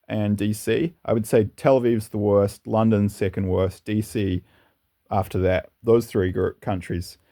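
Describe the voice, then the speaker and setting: A man's voice: fairly low pitch, mellow. A man hosting his own channel, talking through his views in a rambling, earnest monologue. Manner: rambling, earnest, with some laughter. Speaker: channel host. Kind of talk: casual opinionated monologue.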